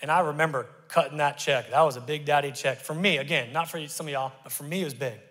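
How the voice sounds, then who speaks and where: Middle-aged male pastor, slightly high voice, lively conversational sermon delivery, long church reverb. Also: fast. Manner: animated, conversational preaching with sudden loud bursts. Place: church sanctuary.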